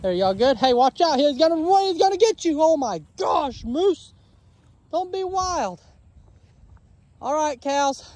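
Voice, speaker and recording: A man's voice: very high voice, big pitch swings, measured pace, pauses often, a little mellow. A man, a homesteader chatting casually in a vlog, coaxing and fondly talking to his animals. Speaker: homesteader vlogger. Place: outdoor pasture.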